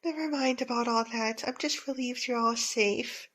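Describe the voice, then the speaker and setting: Woman reader voicing a caring mom, gentle and soft. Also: a little high, steady tone, moderate pace. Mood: relieved. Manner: soft, reassuring.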